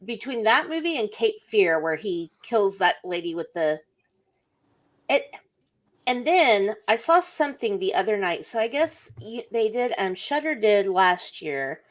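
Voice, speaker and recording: A woman's voice: medium pitch, big pitch swings, unhurried. Chatty woman podcast host. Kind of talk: casual chat.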